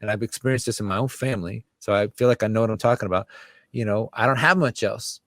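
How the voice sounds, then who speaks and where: Clean studio sound with no room noise carries this American man's lowish, quick voice. As a writer and musician guesting on an interview, he gets animated and profane in casual, impassioned talk, doing impressions of other people's voices.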